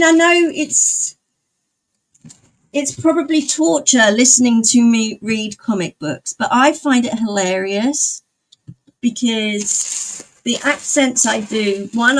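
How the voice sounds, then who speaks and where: A woman's voice: on the high side, vocal fry. A woman live streamer chatting casually with her viewers, rambling and often laughing. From outside the United States.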